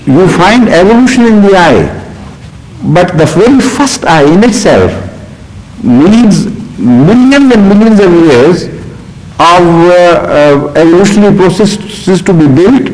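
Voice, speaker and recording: Deliberate man in a reverberant hall. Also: sits high, sing-song, a little mellow. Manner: deliberate, with frequent "uh" pauses and restarts. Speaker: speaker answering audience questions. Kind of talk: question-and-answer talk with storytelling.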